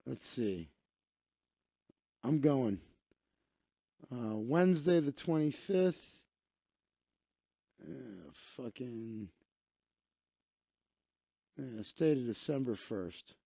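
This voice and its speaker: A man's voice: medium pitch, expressive, very slow, creaky, long pauses, warm tone, dry recording, studio quality. A man hosting a live stream, rambling and ranting to himself while he browses, swearing freely. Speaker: livestream host.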